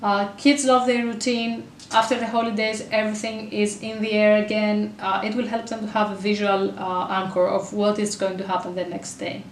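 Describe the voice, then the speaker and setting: A woman giving parenting advice straight to her camera, earnest and chatty, breaking off for quick asides. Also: mid-range voice, level tone, a little hiss or hum. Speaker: parenting vlogger and mother. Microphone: camera mic. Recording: echoey room, voice a bit far from camera.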